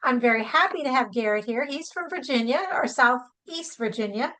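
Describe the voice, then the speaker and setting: A woman's voice: high-pitched, moderate pace, bright, forceful tone, poor audio. A woman hosting a podcast interview, upbeat and enthusiastic. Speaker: podcast host. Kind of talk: interview introduction and chat.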